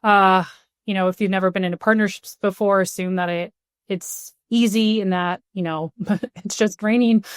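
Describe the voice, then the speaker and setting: A woman's voice: mid-range voice, clean tone, dry recording, studio quality. A woman in her thirties, a podcast guest, speaking upbeat and laughing easily. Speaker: guest, partnerships leader. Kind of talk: conversational interview.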